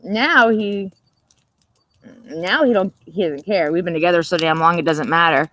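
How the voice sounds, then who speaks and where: A woman's voice: on the low side, moderate pace, fairly bright tone, slight background noise, low-quality recording. A woman hosting a livestream, rambling, profane and laughing as she chats. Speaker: livestream host. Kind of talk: casual late-night chat.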